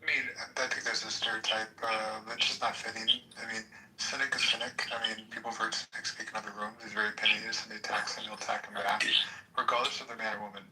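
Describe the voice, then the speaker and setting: A man calmly giving his view in an online voice chat, hedging with "I mean". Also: on the low side, quick pace, a little hiss or hum, poor audio. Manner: calm, explaining, hedges with "I mean". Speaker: participant in an online voice chat room. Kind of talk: measured comment in a heated chat.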